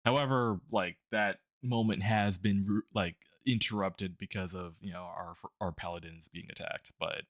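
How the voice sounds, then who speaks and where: A man's voice: low-pitched, fairly even intonation, normal speed, hardly any pauses, no room sound, studio quality. A man streaming while drawing, chatting casually about a tabletop game character, rambling with lots of fillers, restarts and laughs.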